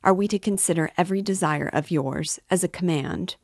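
A woman's voice: on the low side, fairly quick, a little mellow, no echo, clean studio sound, pitched above the performer's own voice. A woman reading the part of an indignant older mother who reproaches a suitor heatedly. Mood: reproachful.

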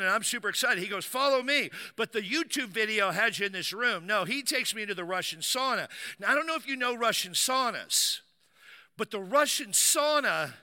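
A man's voice: high-pitched, pushed and bright, long reverb tail. A man preaching, telling a personal story vividly and acting out the dialogue. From United States.

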